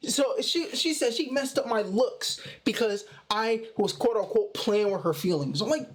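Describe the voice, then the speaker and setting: Young guy telling a story, slangy and animated, says bro a lot. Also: high-pitched, normal speed, hardly any pauses. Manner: slangy, animated retelling with "bro" and "you know". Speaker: storytime vlogger. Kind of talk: casual storytelling.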